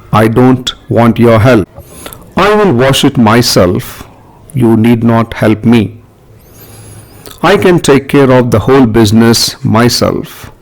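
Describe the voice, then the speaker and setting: A middle-aged male English teacher with an Indian English accent talks through a grammar lesson at a very slow, measured pace. His voice sits at an ordinary middle pitch. He reads each example sentence out deliberately and explains it step by step.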